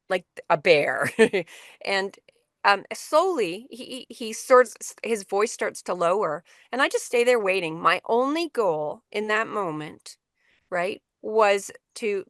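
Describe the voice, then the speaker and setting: A woman's voice: mid-range voice, fairly bright tone, dry recording. Middle-aged woman presenter on a video call, mid-range voice, dry sound, chatty storytelling full of restarts. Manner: conversational, with frequent restarts and fillers. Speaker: workshop presenter. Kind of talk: storytelling talk to educators.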